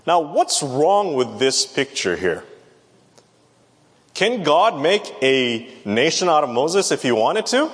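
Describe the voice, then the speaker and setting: A man's voice: a little high, sing-song, takes it slowly. A man preaching a Bible lesson, talking conversationally and asking the audience questions. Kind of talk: Bible teaching sermon. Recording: long reverb of a large hall.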